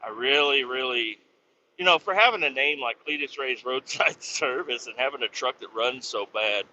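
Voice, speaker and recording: Speaking at a moderate pace in a medium pitch, this man sounds bright and forceful as he hosts his podcast. He rambles through a casual, profanity-laced account of his work day, captured in slightly dull lo-fi audio with faint noise.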